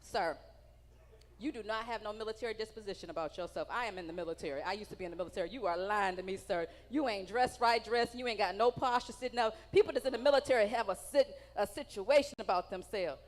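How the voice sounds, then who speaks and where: A woman's voice: medium pitch, fast. Brash, profane woman doing stand-up. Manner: brash, profane, teasing the audience. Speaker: stand-up comedian. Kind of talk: stand-up comedy set with crowd work. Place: comedy stage in a large hall. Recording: live venue with long hall reverb.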